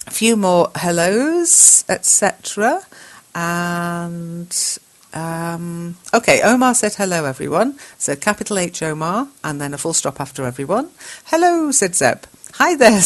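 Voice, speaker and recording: An English woman hosting an English lesson, reading out learners' chat messages, correcting them and spelling words out patiently. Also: sits low. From England. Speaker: English teacher and show host.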